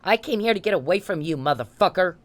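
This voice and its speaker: A woman's voice: lowish voice, expressive, fast. A woman in her thirties giving an angry, confrontational rant to the camera, swearing and repeating her demands. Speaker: vlogger.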